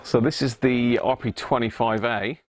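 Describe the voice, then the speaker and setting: Man, southern English accent, livestream host, casual, chuckles a lot, mid-pitched voice, workbench chat. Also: steady tone, moderate pace. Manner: chatty, chuckles often, answers viewers by name. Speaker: livestream host restoring vintage radios. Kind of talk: casual live-chat commentary. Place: home workshop.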